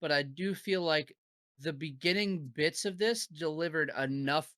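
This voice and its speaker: A man's voice: on the high side, measured pace, bright, forceful tone, no room sound. A man co-hosting a wrestling podcast, chatting casually and swearing freely. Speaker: podcast co-host. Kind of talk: casual chat.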